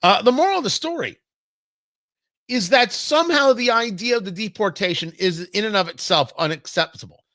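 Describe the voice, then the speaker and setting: Animated, sarcastic male talk host. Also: brisk, no room sound, studio quality. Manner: animated, sarcastic, swings between loud jabs and low asides. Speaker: radio talk show host. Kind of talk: opinionated political commentary.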